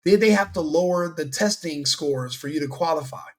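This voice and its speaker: A man delivers a heated opinion rant as a commentary host. He talks in a fairly high register and repeats himself for emphasis, with a scornful edge throughout. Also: normal speed.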